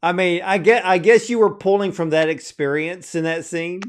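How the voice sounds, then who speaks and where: A male host asking relaxed, unhurried questions in a casual interview. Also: high-pitched, clear, resonant tone.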